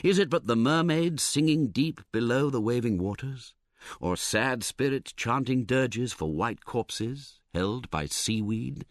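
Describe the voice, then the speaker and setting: A man voicing a dreamy romantic who speaks in a hushed, lyrical, theatrical way, in an audiobook reading. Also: medium pitch, lively intonation, a little slow, no echo, clean studio sound. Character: dreamy, poetic man by the moonlit sea.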